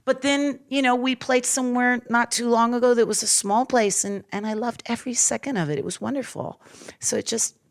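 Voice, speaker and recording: A woman's voice: a little high, steady tone, fairly quick. A woman in her forties, a rock singer speaking openly and from the heart in an interview, with frequent fillers. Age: 40s. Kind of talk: candid interview talk.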